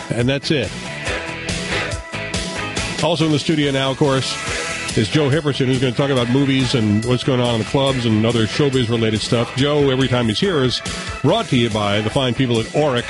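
Dry-witted radio host man, music under him. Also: mid-range voice. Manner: dry, teasing, quick asides. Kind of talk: radio show hosting. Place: radio studio.

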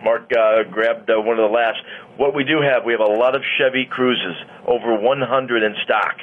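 A man's voice: medium pitch, fairly even intonation, normal speed, phone-quality sound. A man appearing as a guest on talk radio, a car dealer who chats jovially and hypes his deals. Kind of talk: casual chat and sales pitch.

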